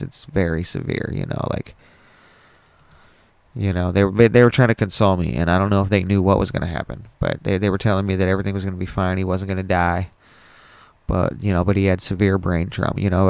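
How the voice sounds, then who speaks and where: A man with a low, gravelly voice tells a long story on his podcast, rambling and swearing as he goes, often stopping to restart a sentence. The sound is dry and close, with no room echo. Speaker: podcast host. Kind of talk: casual storytelling monologue.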